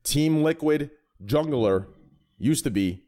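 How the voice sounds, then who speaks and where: A man's voice: a little high, lively intonation, slow, mellow. A man hosting a casual podcast, introducing guests with rambling jokes. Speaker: podcast host.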